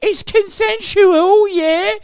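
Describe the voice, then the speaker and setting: A man putting on a loud, exaggerated British geezer. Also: very high-pitched, slow, dry recording, studio quality, voice pushed up, heavily acted. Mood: mocking. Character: mocking loudmouth British geezer, adult man.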